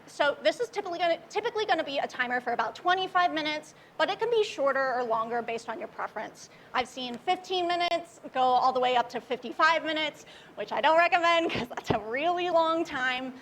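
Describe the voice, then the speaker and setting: A woman's voice: high voice, a bit bright, slight background noise. A young woman from Oklahoma giving a casual, upbeat and chatty talk at a tech meetup. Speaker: meetup speaker.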